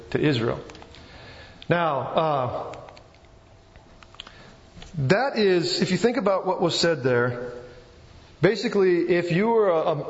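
A man preaching a sermon in a loose, conversational way, often restarting his sentences. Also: a little high. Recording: echoey hall, dull sound.

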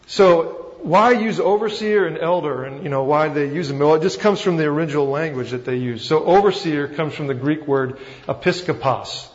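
Texan pastor guy teaching scripture, kinda high voice, chatty and folksy, dull echoey church recording. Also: moderate pace, hardly any pauses. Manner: folksy, self-deprecating, conversational with fillers. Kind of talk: Bible teaching sermon. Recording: dull recording with long hall reverb.

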